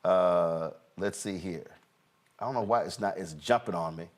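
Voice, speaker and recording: A male talk-show host giving animated, mocking political commentary, often halting and restarting. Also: deep voice.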